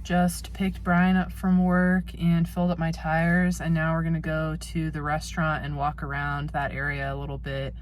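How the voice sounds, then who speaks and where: A woman with a low voice narrates her day to the camera in a loose, chatty way, tossing in casual slang. Upbeat music plays clearly underneath her. She sounds relaxed and unhurried, like she is talking to friends. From Colorado. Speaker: vlogger.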